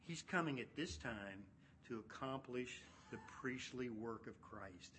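A man preaching an expository sermon, animated, acting out voices and swinging from loud to hushed. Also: medium pitch, a little slow, slight background noise.

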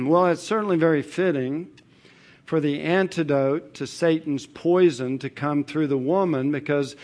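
This man's voice sits a little high and has a somewhat dark tone as he preaches expository material from the Bible. He speaks with measured emphasis, repeating himself and posing rhetorical questions.

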